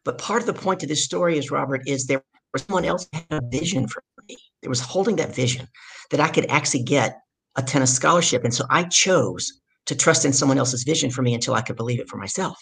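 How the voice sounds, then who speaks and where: Loud, gravelly-voiced Southern woman. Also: very deep voice, fast. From Deep South, US. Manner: loud, energetic. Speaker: guest, leadership coach. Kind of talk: storytelling in a podcast interview.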